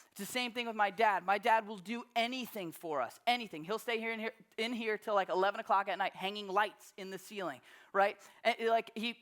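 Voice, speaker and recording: A man's voice: sits high, a bit bright. A man in his thirties from Long Island, New York, preaching a sermon as a pastor in a conversational, storytelling way with frequent restarts.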